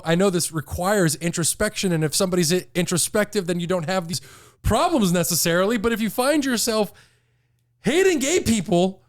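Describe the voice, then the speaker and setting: A man co-hosting a casual comedy podcast, dry and wry, arguing his points in easy banter. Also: sits high. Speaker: podcast co-host.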